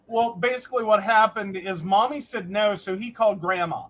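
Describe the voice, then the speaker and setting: A woman co-hosting a casual chat, telling stories in an animated way and acting out the people in them. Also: mid-range voice, normal speed, dull audio. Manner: animated, storytelling with lots of voices. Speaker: podcast co-host, psychic.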